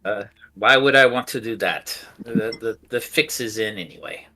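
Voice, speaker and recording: A man's voice: lowish voice, moderate pace, sharp tone, low-quality recording. A man playing an aloof, formal man who speaks with dry, condescending sarcasm. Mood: haughty.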